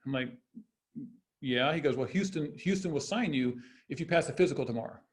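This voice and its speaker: A man's voice: fairly high pitch, fairly quick. A man in his fifties, a former basketball player, telling stories on a podcast in a rambling way, with many restarts and laughs. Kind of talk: casual storytelling interview.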